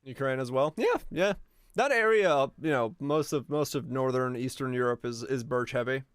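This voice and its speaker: This young Finnish streamer has a smooth, medium-pitched voice and talks at a moderate pace, chatting casually with his viewers during gameplay in a language other than English. Laid-back, he swears a lot and laughs easily. The recording is dry, with clean studio sound.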